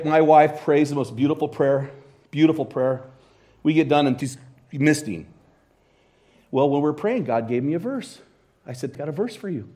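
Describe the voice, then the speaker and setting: A middle-aged American man preaching a sermon, telling a story in a lively, conversational way and quoting scripture. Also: mid-range voice. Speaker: pastor.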